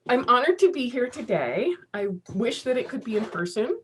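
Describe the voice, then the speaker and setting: A woman's voice: fairly high pitch, sing-song, normal speed, fairly bright tone, a little hiss or hum. Woman, 50s, casual conference speaker on a video call; chatty, self-mocking, laughs easily. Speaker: keynote speaker.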